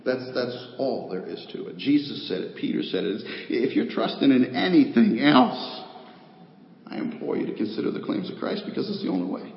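A male pastor preaching a sermon to a congregation, swinging from loud declarations to quiet pleas. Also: medium pitch, very animated, moderate pace, vocal fry. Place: church sanctuary with a congregation. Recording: echoey hall, dull lo-fi sound with faint noise.

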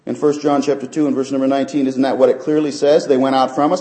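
Middle-aged male pastor, sermon with testimony, quiet asides to loud peaks, echoey church room. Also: quick pace. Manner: swings from soft, low asides to loud, high preaching peaks. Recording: roomy church sound.

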